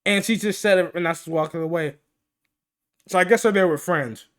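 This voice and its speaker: A man's voice: sits high, moderate pace. A man hosting a reaction video, laughing and riffing in casual slang to his viewers. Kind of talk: casual commentary.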